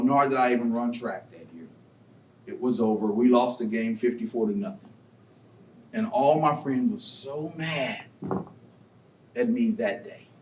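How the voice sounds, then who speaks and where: A middle-aged man giving a motivational keynote, telling stories with lively acted-out voices and questions to the crowd. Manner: animated storytelling, acts out voices and asks the crowd questions. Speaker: keynote speaker. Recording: echoey hall, distant mic, faint rumble.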